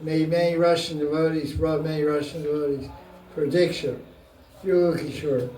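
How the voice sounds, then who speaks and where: A man's voice: fairly high pitch, steady tone, moderate pace, warm tone, soft background music. A man giving a scripture class to a live audience in a playful, joking way, often breaking into laughter. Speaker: spiritual teacher. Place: room with an audience. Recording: roomy, mic far off.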